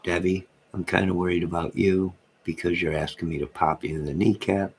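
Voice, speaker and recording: Late at night, a man livestreams from home, reading his viewers' comments and answering with rambling banter and jokes. His voice sits low with a breathy edge, delivered flatly and a little fast.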